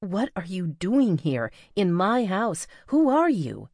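A woman voicing a frightened but defiant young woman confronting an intruder, sharp and demanding. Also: fairly low pitch, very animated, a little slow, no room sound, studio quality, pitched above the performer's own voice. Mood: tense.

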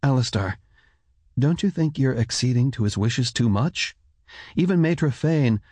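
A man's voice: mid-range voice, expressive, unhurried, darkish tone, breathy edge, no room sound, pitched above the performer's own voice. A man reading an audiobook, voicing a younger mage who asks pointed questions. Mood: questioning. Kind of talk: audiobook character voice.

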